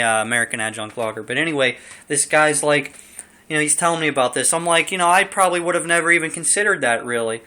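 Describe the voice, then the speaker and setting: A man's voice: on the high side, pushed and bright. A young man casually reviewing a beer at home, rambling and chatty with lots of fillers, recorded on a camera mic.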